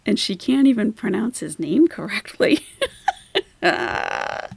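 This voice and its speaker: A woman's voice: medium pitch, big pitch swings, slow, gravelly, breathy edge. A woman hosting a reaction commentary, mocking the person in the clips she plays. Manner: scornful, mocking. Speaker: commentary channel host.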